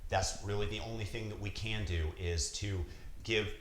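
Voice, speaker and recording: A man's voice: on the low side, steady tone, moderate pace, a bit bright, a little hiss or hum. A father vlogging to camera with earnest, emphatic motivational talk, repeating his points. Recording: roomy echo.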